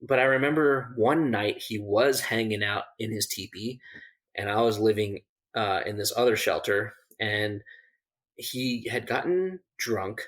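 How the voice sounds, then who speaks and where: A survival instructor with a lowish, fairly bright voice tells a story casually on a podcast at a measured pace. He uses many fillers and restarts and laughs through the funny moments.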